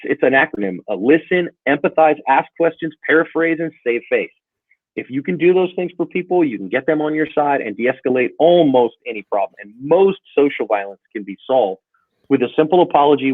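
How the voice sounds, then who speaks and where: Fast-talking man on a tinny line. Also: mid-range voice, dry recording. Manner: animated, acts out dialogue in stories. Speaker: self-defense channel guest. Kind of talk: casual storytelling interview. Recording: tinny phone-like line, dry.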